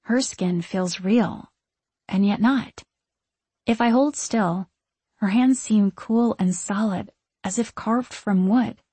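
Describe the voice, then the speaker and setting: Husky woman reading a story aloud. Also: mid-range voice, slow, mellow, no echo. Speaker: audiobook narrator. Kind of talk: first-person audiobook narration.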